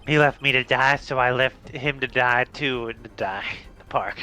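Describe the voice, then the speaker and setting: A man's voice: mid-range voice, moderate pace, bright, forceful tone, soft background music, close to an everyday voice. A man voicing a hotheaded spoiled rich young man, blustering and tripping over his words.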